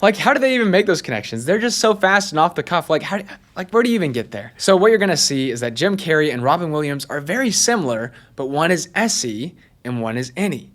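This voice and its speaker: A man hosting a casual personality analysis video, chatty and excitable, with lots of "like". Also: a little high, fast, hardly any pauses. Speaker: host.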